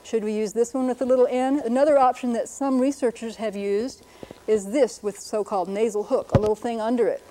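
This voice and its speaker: A woman's voice: a little high, fairly even intonation, a little fast, noisy background. A middle-aged woman linguist giving a patient, lightly humorous lecture on writing systems. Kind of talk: classroom-style lecture.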